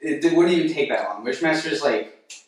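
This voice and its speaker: Young male host of a casual review show: rambling and filler-heavy, recorded far off in a boomy room. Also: expressive, a little fast. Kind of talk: casual comedic film review chat. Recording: very echoey room, distant mic.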